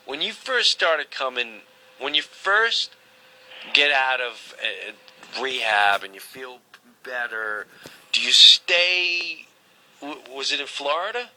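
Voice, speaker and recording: A man hosting an interview, asking halting questions as he searches for words. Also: medium pitch, very animated, bright, forceful tone, low-quality recording. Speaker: host.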